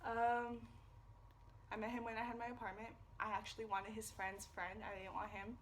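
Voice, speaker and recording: Young woman vlogger, fairly high voice, rambling casual storytime full of swearing and fillers. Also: little pitch movement, normal speed, a little hiss or hum. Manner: rambling, profane, lots of fillers. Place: away from home.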